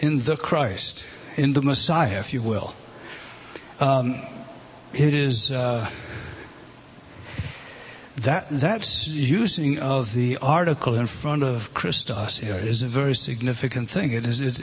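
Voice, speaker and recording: Word by word, a medium-pitched man works through a Bible passage, gesturing at a page as he goes. His delivery keeps stalling and starting over, lifting whenever he stresses a word, over a slight hiss or hum.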